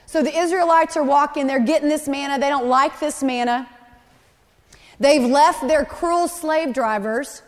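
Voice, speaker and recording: A woman delivers a sermon with an animated, conversational storytelling manner, talking straight to her listeners. Her voice sits high, and it rings with the long reverb of a large hall. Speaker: preacher.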